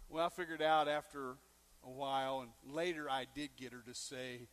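Brief: male pastor, high-pitched, animated storyteller preaching a sermon. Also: brisk. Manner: animated storyteller, acting out quoted lines with big swings in loudness.

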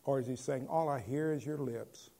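A man, a pastor, preaching a conversational sermon and moving between loud proclamation and quiet asides. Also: mid-range voice, moderate pace, gravelly.

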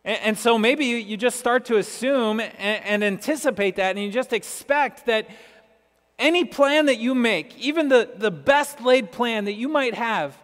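A man's voice: very high voice, normal speed, a bit bright. A man preaching a conversational sermon, often asking his listeners questions. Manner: chatty, asks listeners questions. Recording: long hall reverb.

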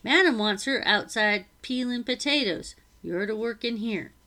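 A woman reading aloud, voicing a bossy, chattering middle-aged housekeeper who scolds in brisk, rough speech. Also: fairly high pitch, pushed and bright.

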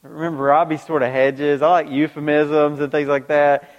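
High-voiced preacher in a reverberant hall. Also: male voice, little pitch movement, moderate pace, highs cut off. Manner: preaching with call-and-response questions to the congregation. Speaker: pastor. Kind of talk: sermon. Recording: long reverb of a large hall.

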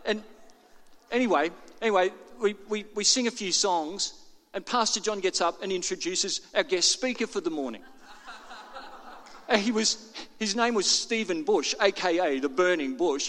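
A man's voice: sits high, a bit bright, in a large hall. An older man preaching a sermon to his congregation in a chatty, self-deprecating way. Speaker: pastor. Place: church auditorium.

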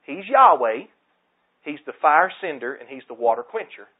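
A male preacher delivering a sermon with emphatic, dramatic swings between loud declarations and near-hushed phrases. His voice sits somewhat high for a man. The sound is thin and tinny, as if heard over a phone. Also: very animated, normal speed, husky.

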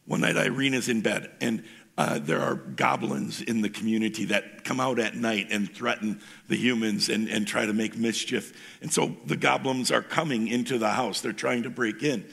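A male pastor delivers a casual, storytelling sermon. His voice is gravelly, with heavy fry, and has a husky, unpolished edge. He often doubles back on words as he starts a thought. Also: on the low side, moderate pace, fairly bright tone. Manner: storytelling, informal, repeats words when starting.

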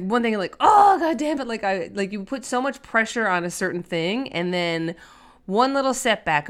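A woman's voice: lowish voice, fairly bright tone, smooth. A woman hosting a solo podcast in a chatty, earnest way, with many fillers. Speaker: podcast host. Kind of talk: casual solo podcast talk.

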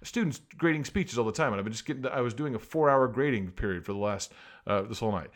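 A man's voice: medium pitch, quick pace. A man talking sports on his own, firing off sarcastic rhetorical questions as he argues his point. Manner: rants and argues. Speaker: sports commentator. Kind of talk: casual sports talk monologue.

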